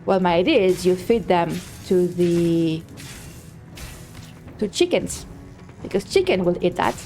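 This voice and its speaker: A woman's voice: fairly low pitch, expressive, a little slow, dark tone, faint music behind. A woman streaming a game live, chatting casually and thinking aloud, rambling with many fillers and restarts. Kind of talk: casual live-stream chat while gaming.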